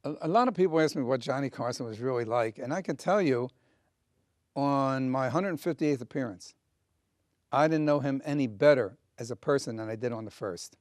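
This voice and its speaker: A man's voice: mid-range voice, moderate pace, darkish tone, dry recording, clean studio sound. An older man, a comedian, recalling old stories earnestly in an interview and acting out the dialogue. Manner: earnest storyteller with quoted dialogue. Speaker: comedian guest. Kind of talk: interview reminiscence.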